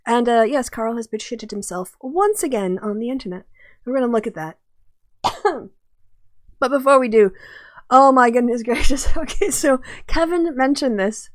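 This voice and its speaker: A woman's voice: fairly high pitch, lively intonation, moderate pace, no echo, studio quality. A woman hosting a casual video commentary, chatty and often breaking into laughter. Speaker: host.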